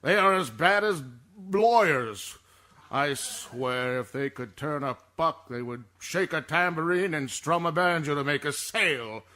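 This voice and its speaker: A man's voice: on the high side, animated, measured pace, pushed and bright. A man playing an imperious, irritable male star actor in a recording booth, fussing indignantly over how to read ad lines. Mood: outraged. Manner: imperious, indignant, fussy over word readings. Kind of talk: comedic voice-over session re-enactment.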